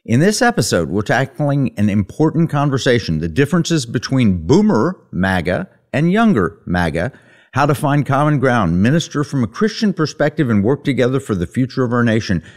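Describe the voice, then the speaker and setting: A man's voice: mid-range voice, sing-song, normal speed. A man hosting a radio talk show with a playful, pirate-themed delivery. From Texas. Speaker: host.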